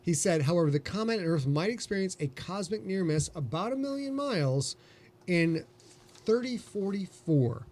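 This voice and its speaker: A man's voice: sits high, animated, moderate pace, a little mellow. A man co-hosting a casual podcast, joking and irreverent while reading science notes. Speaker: podcast co-host. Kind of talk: casual chat.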